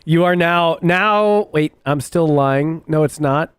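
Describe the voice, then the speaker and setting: A man's voice: a little high, slow pace, clean tone, no room sound, studio quality. A man hosting a live stream in casual chat, rambling, restarting his sentences and laughing often. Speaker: streamer host.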